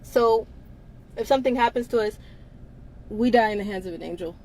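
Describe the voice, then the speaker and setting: Woman, livestream host, blunt, profane, laughs often, middle pitch, faint background noise. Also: fast, darkish tone, poor audio. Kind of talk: casual livestream talk.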